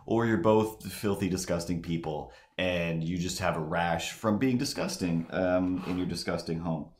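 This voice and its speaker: A man livestreaming while he draws, telling a rambling story in a casual, animated way. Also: low voice, moderate pace, few pauses, roomy sound. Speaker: streamer drawing live.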